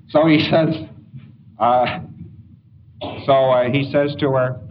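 A man's voice: medium pitch, moderate pace. A man giving a lecture in a wry, anecdotal way, acting out examples as he goes, on a dull old tape recording. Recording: dull lo-fi tape with faint hiss.

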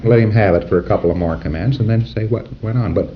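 A man's voice: on the low side, fast talker, lo-fi sound, background noise. A man giving an informal lecture to trainees, talking conversationally and acting out little dialogues. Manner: conversational, acts out dialogues and chuckles at his own examples.

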